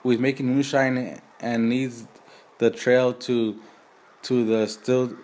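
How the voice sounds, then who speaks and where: A man voicing a slow-witted hillbilly man in a game, reading his lines in a drawn-out way. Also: mid-range voice, level tone, a little mellow, natural voice. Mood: pleading.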